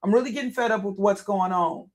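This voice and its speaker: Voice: medium pitch, fast. A live streamer in casual, off-the-cuff commentary, talking through what's on the screen. The speech circles back on itself with repeated words and restarts. There is a rising exasperated edge throughout. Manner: thinks aloud, repeats and restarts phrases, grows agitated.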